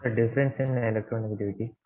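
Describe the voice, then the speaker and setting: A man's voice: mid-range voice, steady tone, racing, a little hiss or hum. A male student giving short, tentative answers to the teacher's questions in an online class. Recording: tinny phone-like call audio.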